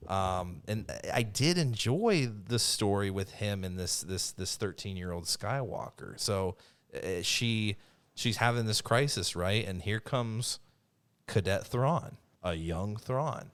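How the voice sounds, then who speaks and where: A man's voice: on the low side, expressive, slow, a bit bright, clear, resonant tone. A man co-hosting a podcast, rambling enthusiastically through his retellings in casual chat. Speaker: podcast co-host.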